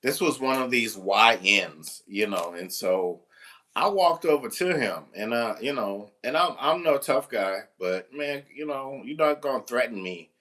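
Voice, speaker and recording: This male substitute teacher rambles through an exasperated, jokey anecdote on camera, cursing mildly now and then. The voice is medium-pitched and fairly bright, delivered at a measured pace with lively intonation.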